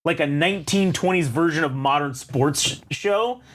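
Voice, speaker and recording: A man's voice: on the high side, moderate pace, fairly bright tone, slight background noise. A man co-hosting a podcast in casual chat, profane and sarcastic, ranting in a garage. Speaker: podcast co-host.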